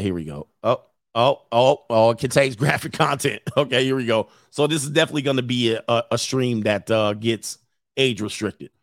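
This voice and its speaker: Blunt, gravelly male stream host. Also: mid-range voice, no echo, clean studio sound. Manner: blunt, animated storytelling with put-on quotes and laughs. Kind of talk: casual reaction stream commentary.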